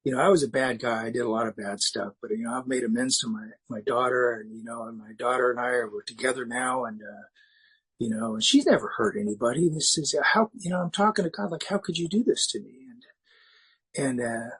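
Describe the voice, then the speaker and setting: A middle-aged man with a somewhat husky voice tells his recovery story to a meeting. He speaks candidly and haltingly, often starting a phrase over. His pitch sits in the ordinary middle range for a man. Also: expressive, a bit bright, low-quality recording. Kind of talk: personal recovery share.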